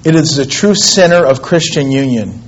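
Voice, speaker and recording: A pastor in his thirties preaching a sermon, swinging between loud, emphatic pleading and low, hushed tones. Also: animated, normal speed. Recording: muffled lo-fi sermon recording.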